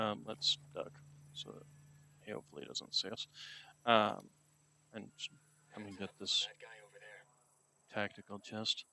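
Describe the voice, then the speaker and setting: Guy streaming a shooter, lowish bright voice, keeps chatting to his cat. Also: steady tone, slow, gravelly, pauses often, a little hiss or hum. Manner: chatty, talks to his cat between game remarks. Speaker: game streamer. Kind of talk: casual gameplay commentary.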